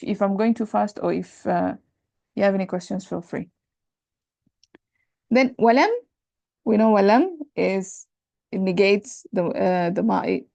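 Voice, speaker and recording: Woman teacher going over arabic grammar, gravelly voice, dry close sound, keeps checking "right?". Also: mid-range voice, a little mellow, no echo. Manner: explains patiently, repeats terms, checks understanding with "right?"; switches between English and Arabic grammar terms. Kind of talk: lecture on Arabic sentence parsing.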